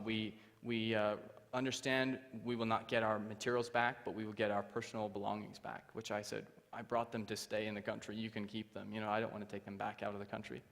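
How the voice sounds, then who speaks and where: Young guy preaching, acts out all the voices, long church echo. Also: lowish voice. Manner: animated, acts out the voices in his story. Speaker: guest speaker. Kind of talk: storytelling testimony. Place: church hall.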